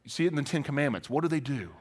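An animated man preaches in a loose, conversational style, acting out the people in his stories. His pitch swings widely and sits a little above the usual range for a man. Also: very fast, husky. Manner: animated storytelling, acts out voices; casual, conversational phrasing. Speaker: pastor. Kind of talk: sermon.

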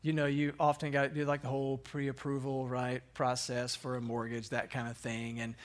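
A man's voice: mid-range voice, completely flat delivery, normal speed. A man in his thirties casually telling a personal faith story, rambling a little with fillers and laughing at himself. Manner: conversational, rambling, frequent fillers and restarts; self-deprecating, chuckles at himself. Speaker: speaker sharing a personal story.

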